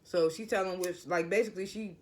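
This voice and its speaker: Man, high voice, stuttery, repeats himself, casual rambling episode recap. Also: steady tone, brisk, darkish tone. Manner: rambling, loose and conversational. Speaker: TV episode reviewer.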